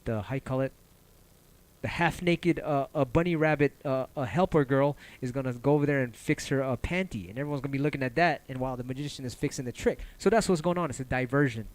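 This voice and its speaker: A man hosting a casual livestream, talking loosely and passionately, cursing often and rambling between ideas. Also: fast. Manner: animated, jumps in pitch when excited. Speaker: livestream host.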